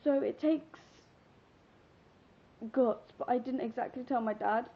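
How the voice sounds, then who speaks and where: A woman's voice: on the high side, a little slow. A sixteen-year-old girl from England telling a personal story in a casual, chatty, giggly vlog, rambling with fillers. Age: teens. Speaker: vlogger. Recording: dull lo-fi webcam audio.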